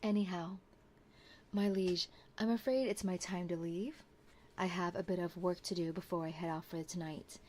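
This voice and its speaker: A woman's voice: fairly low pitch, fairly even intonation, moderate pace, a little hiss or hum, natural voice. Woman whispering as a humble devoted knight. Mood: apologetic. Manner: soft, formal, courtly address. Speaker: streamer. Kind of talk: whispered role-play.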